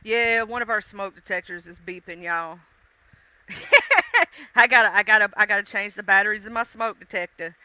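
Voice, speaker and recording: A woman chats casually with her livestream viewers. She sounds playful and loose, with many fillers and laughs. Her voice is very bright and smooth, heard close up with no room sound. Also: mid-range voice, lively intonation, normal speed, dry recording. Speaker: livestream host.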